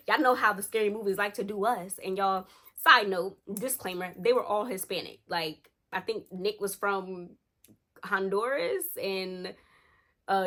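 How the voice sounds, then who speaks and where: Young woman vlogger telling a scary story, chatty and animated, keeps saying y'all. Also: lowish voice. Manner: animated, slangy, addresses listeners as y'all. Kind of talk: casual storytelling to viewers.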